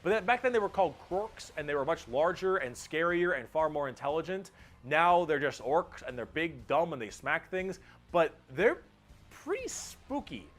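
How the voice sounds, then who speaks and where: A man's voice: a little high, big pitch swings, moderate pace, a bit bright. A man explaining lore casually, loose and jokey with offhand swearing. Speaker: lore explainer in a played video.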